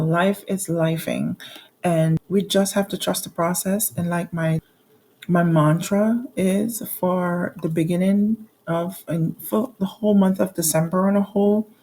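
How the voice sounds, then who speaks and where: A woman's voice: lowish voice, mellow, slight background noise. A woman in her forties talking candidly through her monthly bills, reading out amounts and laughing at her own troubles. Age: 40s. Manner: reads out bill amounts with frequent restarts and fillers. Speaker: budgeting vlogger. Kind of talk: casual budget walkthrough.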